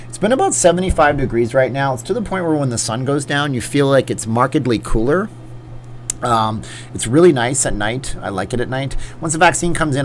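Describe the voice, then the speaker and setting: A man in his forties hosts a live chat Q&A in front of a green screen, picking up viewer comments and answering them off the cuff. His voice sits at an ordinary middle pitch and his talk stays loose and chatty. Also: a little hiss or hum. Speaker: livestream host. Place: indoor green screen setup.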